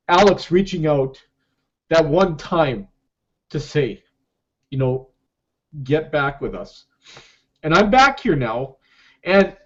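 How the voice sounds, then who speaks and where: A middle-aged man in a personal vlog, talking emotionally and haltingly about his own comeback, often repeating himself. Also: sits high. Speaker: network marketer sharing his story. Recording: dull lo-fi recording.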